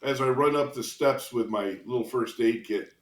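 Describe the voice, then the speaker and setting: A retired police officer in his sixties, guesting on a podcast interview, spins vivid stories and chuckles between lines. His mid-range voice moves at a moderate pace, and the recording has a roomy echo.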